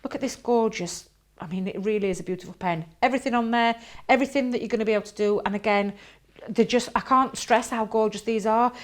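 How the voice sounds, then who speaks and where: A woman's voice: on the high side, fast. A woman chatting enthusiastically as she demonstrates coloring techniques, thinking aloud as she works. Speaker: craft demonstrator. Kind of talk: live crafting demonstration.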